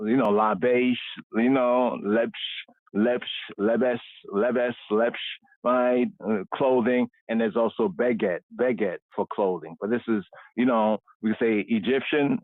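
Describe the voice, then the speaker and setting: A man's voice: medium pitch, no echo. Guy doing a scripture word study, says "right?" constantly, repeats words, tinny phone-line sound. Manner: tags nearly every phrase with "right?" and repeats words over and over.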